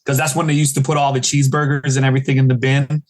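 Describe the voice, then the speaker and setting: A man from Chicago in his forties tells funny stories as a podcast guest. His voice sits at an everyday middle pitch, and he acts out the people he quotes with sudden high leaps. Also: rapid-fire. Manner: animated storyteller acting out quoted voices with pitch jumps. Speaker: guest comedian. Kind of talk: casual interview storytelling.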